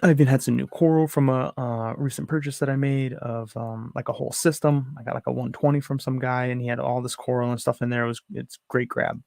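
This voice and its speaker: Gravelly young dad, rambling vlog story. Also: male voice, mid-range voice, level tone, fairly quick, hardly any pauses, darkish tone, no echo, studio quality. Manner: rambling, restarts, frustrated retelling. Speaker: aquarium hobby vlogger. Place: home room.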